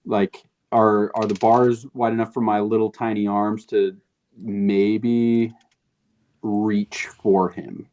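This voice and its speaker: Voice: mid-range voice, flat delivery, slow, darkish tone. A player in a tabletop game, asking questions and joking in casual chat.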